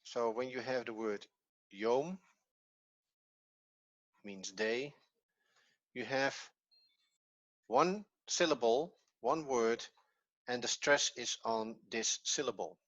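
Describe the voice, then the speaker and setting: Slow-spoken Dutch man teaching. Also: mid-range voice, a bit bright, muffled recording. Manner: patient, explains step by step with repetition. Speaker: Hebrew teacher. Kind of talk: online language lesson.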